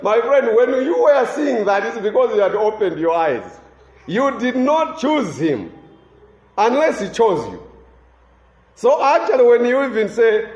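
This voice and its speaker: A man preaching at a slow, deliberate pace, his high voice swinging widely between lifted and lowered tones. He leans into key phrases and repeats them for weight. The sound carries the echo of a reverberant room. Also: big pitch swings, a little mellow. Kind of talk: sermon.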